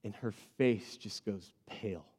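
A man in his thirties preaching a sermon to a congregation, earnest and personal, swinging between loud emphatic bursts and soft, quiet moments. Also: lowish voice, measured pace, slightly rough. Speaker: pastor. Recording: long hall reverb.

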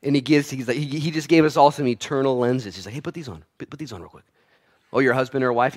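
Pastor, man, mid-range voice, lively preaching delivery that swings from loud to hushed, casual and joking. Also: medium pitch, quick pace. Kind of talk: sermon.

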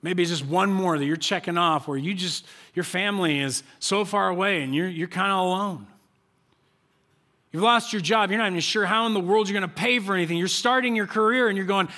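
Pastor guy, kinda high voice, animated sermon, keeps repeating himself and asking questions. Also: a little fast. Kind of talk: conversational sermon. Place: church.

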